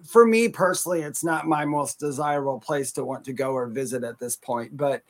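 A man co-hosting a live chat show about the paranormal, talking casually with hesitant restarts and quick laughs. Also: medium pitch. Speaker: co-host.

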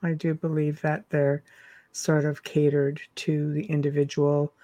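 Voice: medium pitch, completely flat delivery, a little slow, dark tone, no room sound. Reflective, chatty host, dry sound. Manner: reflective, chatty, laughs easily. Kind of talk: interview, casual chat.

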